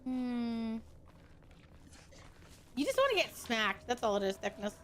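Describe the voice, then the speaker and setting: A woman streaming a horror game and joking with friends on a call, swearing freely and laughing loudly. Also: a little high, very animated, measured pace, a little hiss or hum. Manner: profane, joking, loud laughs. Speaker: VTuber streamer. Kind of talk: casual gaming stream chat.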